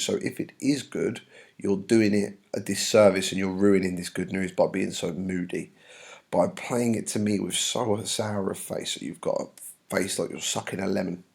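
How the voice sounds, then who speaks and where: A man's voice: low-pitched, steady tone, normal speed, creaky, darkish tone. A male English teacher explaining a play in a chatty lesson, paraphrasing with slang asides.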